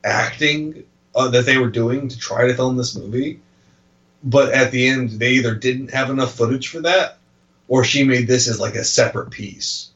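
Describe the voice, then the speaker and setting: A man co-hosting a casual podcast chat, relaxed and hesitant, swearing casually. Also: mid-range voice, moderate pace. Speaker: podcast co-host. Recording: dull lo-fi sound.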